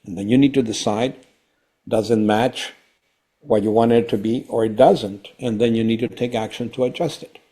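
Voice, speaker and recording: A company founder explains ideas on a conversational podcast, speaking emphatically and getting louder when excited. His pitch is medium and his speed normal.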